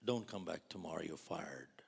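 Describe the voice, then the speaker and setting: A man's voice: medium pitch, lively intonation, normal speed, creaky, fairly bright tone. A man voicing a blunt, stern male insurance manager, curt and scolding as he speaks.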